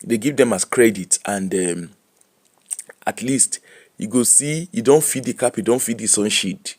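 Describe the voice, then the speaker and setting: A middle-aged man with a Nigerian Pidgin English accent, hosting a casual live-stream chat, animated and laughing as he mixes Pidgin and English. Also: fairly low pitch, unhurried, slightly rough. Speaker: host.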